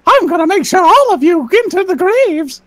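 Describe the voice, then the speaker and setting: A man voicing a cheerful but menacing male warlord in a squeaky cartoon mouse voice during a comic livestream. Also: very animated, a little fast, no echo. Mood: gleeful menace. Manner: giddy, high cartoon squeak with a threatening edge. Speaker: streamer.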